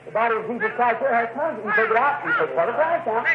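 A man's voice: very high-pitched, animated, fast, few pauses, background noise. A man preaching a sermon in a church, folksy and emphatic, often stopping to ask "See?". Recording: tinny echoey old sermon tape.

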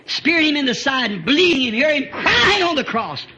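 A man preaching a revival sermon, fervent, rising to shouts and chuckling between phrases, on a lo-fi old tape recording. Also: extremely high pitch, sing-song, moderate pace, slight background noise.

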